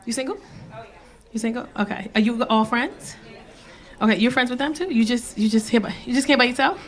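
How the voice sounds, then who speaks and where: A woman's voice: fairly high pitch, fairly quick. A middle-aged woman doing stand-up comedy on a club stage, blunt and profane, teasing the audience into a handheld mic. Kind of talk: stand-up comedy set with crowd work. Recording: live club with loud audience laughter.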